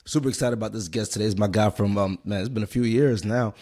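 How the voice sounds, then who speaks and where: A man hosting a podcast who talks in an energetic, casual, slangy way. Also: on the low side. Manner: energetic, slangy, fast-talking. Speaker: podcast host.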